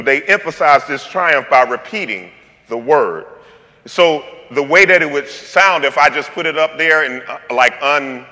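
A man's voice: fairly high pitch, sharp tone, big-room sound. A male pastor preaching a sermon in a playful, conversational way, with slang and joking asides.

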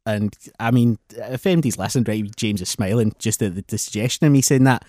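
Fast-talking grumbling man. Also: lowish voice, a little mellow, no echo, clean studio sound. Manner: wry, grumbling storyteller, swears freely. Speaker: podcast co-host. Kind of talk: casual drunk podcast chat.

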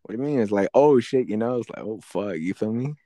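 A man's voice: lively intonation, fast talker, warm tone, dry recording, clean studio sound. A young man hosting a podcast, chatting casually in slangy, profane speech with many fillers. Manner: slangy and profane, swooping pitch, filler-heavy. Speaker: podcast host.

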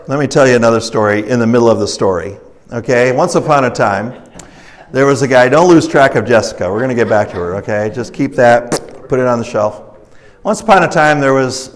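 A man preaching a recovery sermon in a conversational, folksy storytelling style, rising in emphasis and acting out the characters in his stories. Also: mid-range voice. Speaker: pastor leading a recovery ministry.

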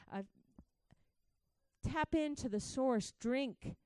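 A woman's voice: mid-range voice, expressive, moderate pace, clear, resonant tone, dry recording, clean studio sound. A woman preaching a sermon, telling her own testimony with fervent, direct appeals to the listeners. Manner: impassioned, talks straight to the crowd.

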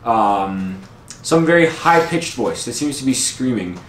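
A man's voice: medium pitch, animated, measured pace, a little hiss or hum. Young man game master, echoey room. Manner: hesitant, many ums and restarts. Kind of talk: narrating a tabletop game.

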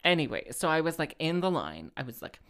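Very low-voiced rambling woman. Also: very animated, brisk, a bit bright. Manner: rambling, many fillers and self-corrections, wry asides. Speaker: podcast host and singer. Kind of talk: casual rambling monologue.

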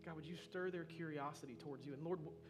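A man's voice: on the high side, steady tone, fast talker, music in the background. A man in his thirties preaching a sermon as pastor, earnest and storytelling, often saying "man".

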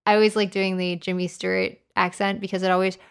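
A woman's voice: medium pitch, level tone, fast talker, vocal fry, clean tone. A Canadian woman co-hosting a podcast in casual, playful chat. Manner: chatty, playful, slips into joking accent impressions. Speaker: podcast co-host.

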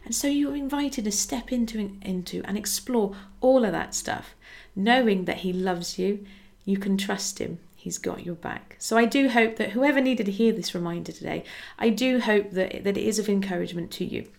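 Lady doing her faith podcast, bit of fry in her voice, earnest and encouraging, acts out little chats. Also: medium pitch, moderate pace. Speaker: podcast host. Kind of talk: casual devotional podcast talk.

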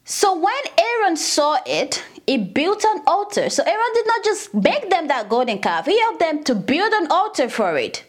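A woman leading a casual Bible study, retelling scripture with animated, indignant asides. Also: extremely high pitch, moderate pace, hardly any pauses.

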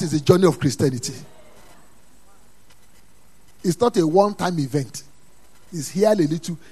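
A man preaching a sermon in a church, dropping to quiet asides and then rising to loud, emphatic calls. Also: high voice, quick pace, husky. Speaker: pastor.

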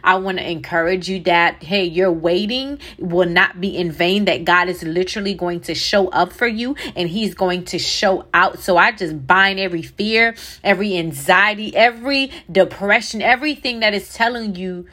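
A young woman with a drawl hosts a faith podcast. Her voice sits a little low, and she moves between casual chat and preaching, speaking straight to her listeners. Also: moderate pace, few pauses, a bit bright. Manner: chatty, preachy, addresses listeners as y'all. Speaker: podcast host. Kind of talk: faith-based podcast monologue.

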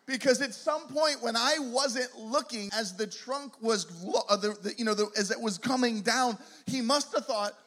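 Middle-aged male speaker, high-pitched, animated storyteller with lots of restarts, self-deprecating humor, preaching to a crowd. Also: normal speed, hardly any pauses. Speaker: youth ministry speaker. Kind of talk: storytelling sermon to a live audience.

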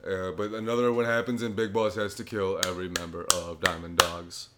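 Man, low voice, casual podcast chat, rambling and profane. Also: little pitch movement, fairly quick, very noisy. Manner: rambling, profane story recap. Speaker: podcast co-host.

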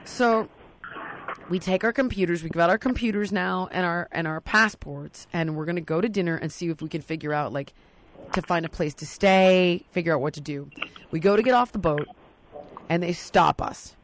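A woman's voice: lowish voice, moderate pace. A woman telling a story in casual podcast talk, acting out the quotes with lots of energy. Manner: animated, acts out quotes.

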